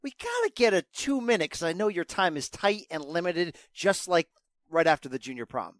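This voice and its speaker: Podcast cohost dude, ribs the guest, crude jokes, dry close sound. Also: male voice, high voice, sing-song, normal speed, dry recording. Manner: teasing, crude joking. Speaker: podcast co-host. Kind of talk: casual podcast chat.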